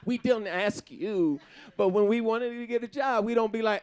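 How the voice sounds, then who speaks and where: A man doing live stand-up comedy on a stage before an audience, talking in an animated way, laughing between jokes and slipping into funny put-on voices. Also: high-pitched, normal speed, few pauses, a little hiss or hum.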